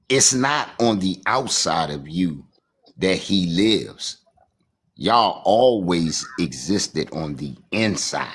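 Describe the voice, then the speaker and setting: A man's voice: sits low, slightly rough. A man with a Washington, D.C. accent, a caller giving a rambling spiritual monologue over a remote call, preachy and repetitive. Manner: preachy, repetitive, says "you understand" often.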